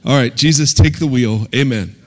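A man's voice: medium pitch, moderate pace. Joking man at a church mic. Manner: joking, casual. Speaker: speaker closing with a prayer. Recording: long reverb in a large hall.

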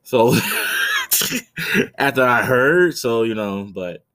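A man's voice: medium pitch, animated, very slow, pushed and bright. A man in his thirties hosting a podcast, telling a story casually with blunt, profane, rambling talk full of restarts. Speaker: podcast host.

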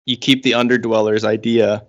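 A man's voice: fairly low pitch, flat delivery, moderate pace, muffled recording. A man co-hosting a podcast, chatting casually in a wry, rambling way with frequent fillers. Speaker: podcast co-host.

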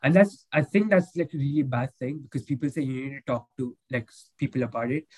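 A man's voice: mid-range voice, quick pace, breathy edge, rough recording. Rambling young man, full of fillers. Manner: rambling, heavy with fillers and restarts. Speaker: podcast guest. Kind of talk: casual emotional chat.

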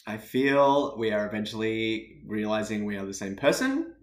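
A man's voice: on the low side, normal speed. Australian man, roomy echoey sound. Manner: dry, playful teasing. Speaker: podcast host. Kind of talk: casual conversation. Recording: roomy echo.

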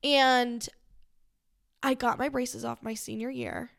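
Woman, young adult, podcast guest, casual, filler-heavy, slightly high pitch. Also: fairly even intonation, takes it slowly, vocal fry, a bit bright. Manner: chatty, leans heavily on "like".

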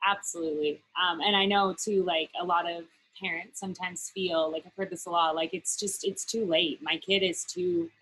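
A woman's voice: fairly low pitch, fairly even intonation, normal speed, hardly any pauses, fairly bright tone, breathy edge, rough recording. A woman hosting an interview, agreeable and chatty, often affirming her guest and sharing reflections. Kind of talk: conversational interview.

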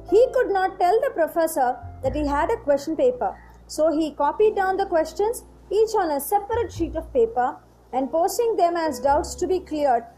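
A woman reading a story aloud in a measured way, sometimes pausing to explain a phrase. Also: high voice, dark tone. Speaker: narrator.

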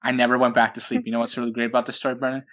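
A man's voice: medium pitch, level tone, very fast, a bit bright. Rambling, laughing podcast co-host man. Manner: rambling storyteller, laughs often. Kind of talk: casual chat.

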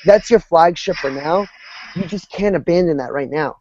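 A man with a somewhat high but mellow voice chats in an easygoing way on a gaming podcast. His sound is dry and dull, as if through a lo-fi mic. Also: moderate pace, no room sound. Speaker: podcast co-host. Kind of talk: casual gaming podcast chat.

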